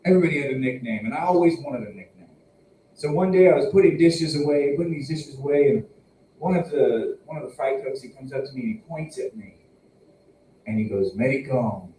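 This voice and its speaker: A man's voice: a little high, fairly quick, mellow, far from the mic, slight background noise. A young man doing stand-up at an open mic, self-mocking and laughing at his own jokes. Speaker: stand-up comedian. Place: small tobacconist shop. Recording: echoey room, heard from afar.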